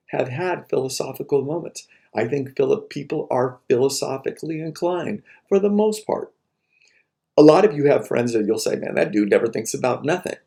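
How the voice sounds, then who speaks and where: A man's voice: a little high, vocal fry, warm tone. A man lecturing on philosophy to his students in a conversational way, firing off rhetorical questions. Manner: conversational, asks rhetorical questions, acts out frustrated voices. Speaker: philosophy teacher. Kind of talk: recorded lecture.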